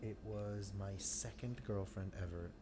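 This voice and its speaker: Male co-host, slightly low voice, giggly and loose, lots of "like"; noisy track. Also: unhurried. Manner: laughs a lot, heavy use of "like". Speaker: podcast co-host. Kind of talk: casual chat. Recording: noisy background hiss.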